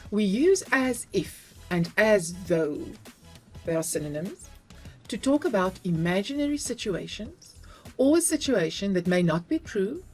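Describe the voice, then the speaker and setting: With a mid-range, darkish voice, this middle-aged South African woman works as an English teacher. She explains spelling to learners with patience, breaking words down one letter at a time.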